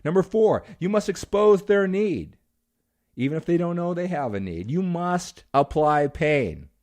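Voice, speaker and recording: A man's voice: a little high, a little slow. A man coaching a seminar audience on influence and rapport, acting out short exchanges in different voices. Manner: animated, acts out quoted voices. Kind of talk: motivational seminar talk.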